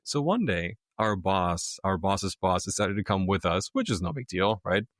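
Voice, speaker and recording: Low-voiced man telling stories. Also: normal speed, no echo, studio quality. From Germany. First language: German. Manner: animated storyteller, acts out quoted voices. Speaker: podcast guest, author. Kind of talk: casual storytelling chat.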